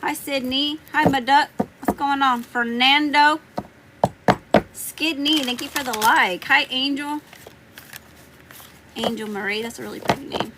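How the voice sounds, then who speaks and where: A woman's voice: high-pitched, steady tone, unhurried, pauses often, noisy background. A woman hosting a tarot livestream, chatting casually, joking, swearing freely and laughing often. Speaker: tarot reader livestream host.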